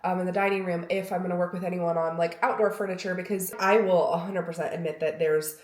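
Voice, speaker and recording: A woman's voice: on the low side, steady tone, quick pace, a little mellow. Young woman rambling to her camera at home, jokey, acts out convos, echoey room. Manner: chatty, self-mocking, acts out little dialogues. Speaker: lifestyle vlogger. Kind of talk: rambling casual chat to camera. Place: room of a house. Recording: roomy echo.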